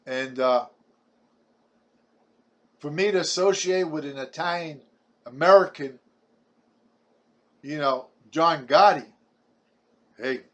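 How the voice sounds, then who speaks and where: Combative older New man, higher voice. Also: slow pace, pauses often, a bit bright. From Brooklyn, New York. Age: 70s. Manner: blunt, combative, stumbling restarts. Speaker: vlogger. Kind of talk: ranting monologue.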